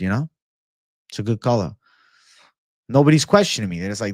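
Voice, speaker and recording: A man's voice: on the low side, expressive, brisk, pauses often, darkish tone, no echo, clean studio sound. A young man hosting a casual MMA livestream, swearing freely and answering chat in a laid-back way. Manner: profane, laid-back, reads chat aloud. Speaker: MMA show host.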